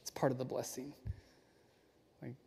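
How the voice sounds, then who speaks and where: A man's voice: medium pitch, flat delivery, a little slow, gravelly, mellow, slightly rough. A man giving a sermon in an earnest, enthusiastic way, often restarting his phrases. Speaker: pastor. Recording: long hall reverb.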